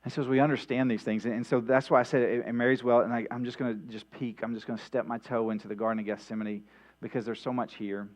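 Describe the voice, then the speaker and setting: Mains hum and a dull lo-fi quality mark this recording of a midweek church sermon. The pastor talks fast in a medium-pitched voice that barely changes pitch, keeping it conversational with frequent restarts and "right?" asides.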